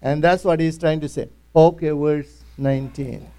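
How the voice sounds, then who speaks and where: A man's voice: fairly high pitch, steady tone, normal speed, dark tone. A man teaching through a Bible passage verse by verse, retelling the verses in his own plain words. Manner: retells scripture in first person, in simple plain English.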